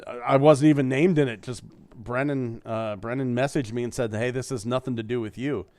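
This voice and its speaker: A man's voice: medium pitch, fairly even intonation, a little fast, darkish tone, dry recording. A middle-aged man co-hosting a podcast, rambling in casual chat, swearing freely and telling crude jokes. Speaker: podcast co-host.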